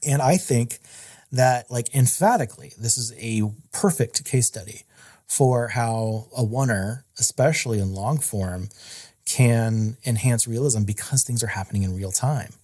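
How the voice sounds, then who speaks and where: Co-hosting a horror film podcast, this man reads out background facts and then riffs casually, dropping in lots of filler words. His voice is medium in pitch with a dark tone, and he speaks a little slowly.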